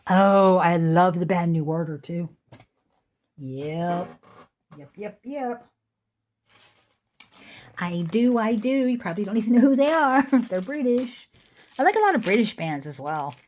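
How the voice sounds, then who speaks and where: A woman's voice: fairly low pitch, lively intonation, a little slow, pauses often, darkish tone. Chatty woman selling jewelry at home. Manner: chatty, rambling asides. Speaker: online jewelry seller. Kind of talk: casual chat while showing jewelry. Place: home room with a squeaky chair.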